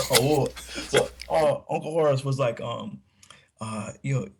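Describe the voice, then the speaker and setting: A man's voice: mid-range voice, slow, gravelly, a crowd in the background. A man chatting casually as a guest, telling rambling stories with many restarts and fillers. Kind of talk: casual storytelling chat.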